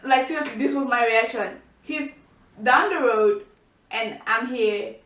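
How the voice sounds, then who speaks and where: Young woman vlogger, high voice, animated storyteller, roomy distant sound. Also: unhurried. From Cameroon. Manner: chatty, animated, many restarts and fillers. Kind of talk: casual storytelling to camera. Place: indoor room by a window.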